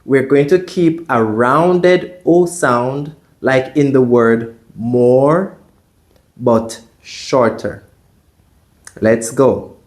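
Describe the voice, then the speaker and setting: A male Mandarin teacher speaks at a very slow, measured pace, leaving long pauses as he walks through the tones one by one. His voice sits at an ordinary middle pitch, and he models each sound carefully. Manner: deliberate, models tones out loud. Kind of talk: slow, careful pronunciation lesson.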